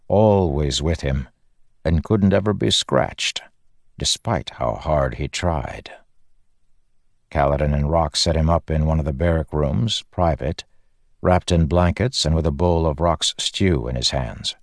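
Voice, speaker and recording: Deep-voiced man narrating an audiobook. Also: no room sound, clean studio sound. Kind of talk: scripted narration.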